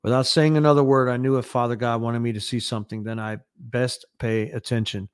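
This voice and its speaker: A man reads a prophetic vision aloud, earnest and dramatic. His voice is smooth and resonant, and it sits at an ordinary male pitch. The recording is close and dry. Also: level tone, fairly quick, dry recording. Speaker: newscast host.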